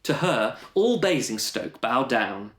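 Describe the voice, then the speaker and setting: A man's voice: medium pitch, very animated, slow, a bit bright. A man telling a rhyming panto-style story with a playful, sing-song delivery. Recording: roomy echo.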